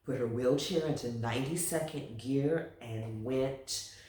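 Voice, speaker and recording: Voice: medium pitch, unhurried, recorded from a distance, a little hiss or hum. A reader telling a picture book aloud in a playful, chatty way, then signing off to listeners. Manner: animated, playful, chatty sign-off. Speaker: storybook reader. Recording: very echoey room, voice from afar.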